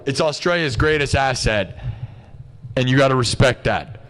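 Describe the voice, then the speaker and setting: This livestream host's voice is mid-range and fairly bright, delivered at a moderate pace. He rants in exasperation during casual chat, leaning heavily on "dude" and "bro."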